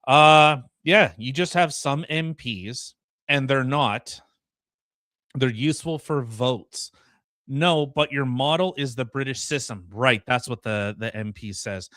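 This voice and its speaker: A man co-hosts a podcast, reading news items aloud and breaking off with blunt, sarcastic remarks. His voice is bright and forceful, and it sits dry and close on the mic. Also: medium pitch, measured pace, no echo. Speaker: podcast co-host. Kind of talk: casual political commentary.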